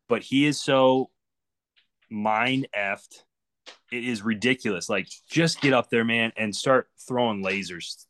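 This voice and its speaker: A man's voice: fairly low pitch, a bit bright. Heated man ranting about football. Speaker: podcast co-host. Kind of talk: ranting sports talk.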